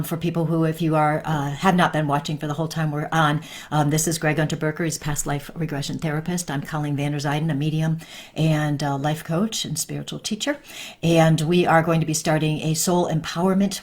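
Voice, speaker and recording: A woman, a medium and life coach, hosting a casual live stream and answering viewer questions in a chatty way. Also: deep voice.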